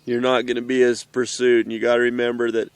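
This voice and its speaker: Outdoors in the mountains, an emotional middle-aged father delivers an earnest, heartfelt message to his children, speaking haltingly with pauses and restarts. His mid-range voice is monotone yet clear and resonant, with no echo.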